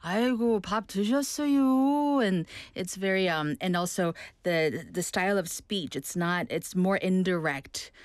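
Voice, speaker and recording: A woman's voice: on the low side, fairly even intonation, unhurried, few pauses, smooth, no room sound, studio quality. Woman explaining in casual chat. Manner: explanatory, mixes in Korean phrases.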